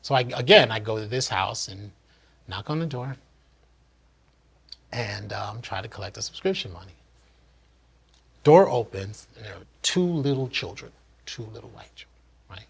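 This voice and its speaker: A man's voice: fairly low pitch, vocal fry, fairly bright tone, breathy edge. A man from New Jersey earnestly and candidly telling a personal story in one unedited take, reflective as he looks back.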